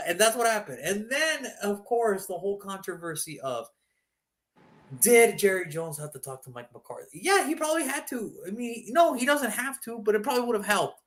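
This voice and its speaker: A man's voice: sits high, very animated, moderate pace, a bit bright. A man co-hosting a sports prediction show, talking casually and animatedly, swearing and slipping into mock voices.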